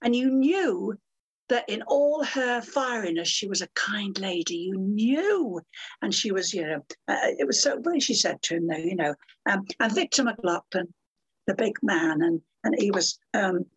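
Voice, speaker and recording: An older woman telling lively anecdotes as an interview guest, theatrical and calling people dear and my love. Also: medium pitch, unhurried, slightly rough.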